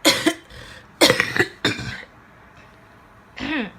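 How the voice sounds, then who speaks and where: A young adult vlogger from Los Angeles relays an emotional tale extremely slowly, her voice pushed and bright over a faint hiss or hum. Casual in style, she says "like" often and acts out the people she's quoting.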